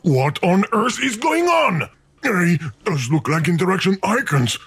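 A man's voice: high voice, sing-song, a little slow, fairly bright tone, breathy edge, no echo, heavily acted. A man voicing an exasperated male game narrator who scolds the player. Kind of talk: game voice acting. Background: game music.

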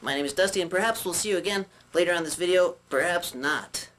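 A man voicing a chatty male puppet who teaches puppetry with jokes and rambling asides, often clearing his throat. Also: high-pitched, fast talker, a bit bright. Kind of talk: puppet demonstration lesson.

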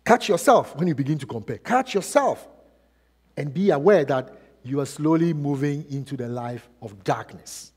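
A man preaching a sermon as pastor, asking repeated rhetorical questions and swinging between loud and soft. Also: on the high side, animated, moderate pace, breathy edge. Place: church. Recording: long church reverb.

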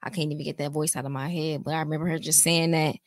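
Low-voiced young woman recalling grief. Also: flat delivery, quick pace, no echo. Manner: raw emotional recollection with casual swearing. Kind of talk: casual chat.

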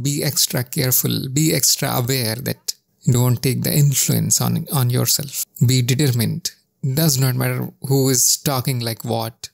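A man talks through a spiritual lesson in a calm, instructive way. His voice is strongly gravelly and fried, and it sits mid-range in pitch. The recording is dry and close, with no room sound. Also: dry recording. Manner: calm, measured, instructive, with deliberate pauses. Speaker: spiritual teacher. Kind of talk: spoken spiritual teaching monologue.

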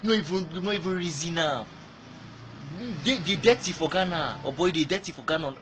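A man's voice: on the high side, a little fast, a bit bright, a little hiss or hum. A man from Nigeria with a Nigerian accent, ranting angrily in a video message, throwing insults and repeating himself while switching between Pidgin and English. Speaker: fan.

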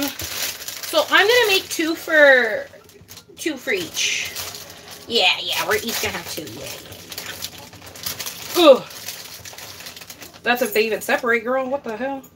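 A young woman chatting casually while she cooks for her vlog, loud, profane and dramatic, swinging between high outbursts and low mutters. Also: background noise. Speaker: vlogger. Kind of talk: casual cooking vlog chat.

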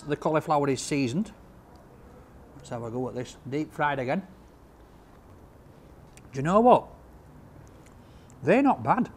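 A man's voice: on the high side, a little hiss or hum. A man doing a chatty, jokey takeaway review in a cold outdoor makeshift greenhouse. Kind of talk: casual food review.

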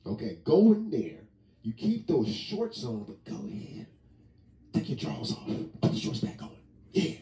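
A man voicing a smooth-talking, flirty husband who coaxes and reassures his wife playfully. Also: medium pitch, huge pitch swings, measured pace, mellow. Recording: roomy sound from a distant mic.

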